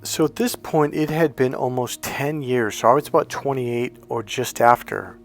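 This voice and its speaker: A middle-aged man, a life coach, telling a painful personal story in a halting, emotional way, often restarting his words. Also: mid-range voice, steady tone, faint music behind.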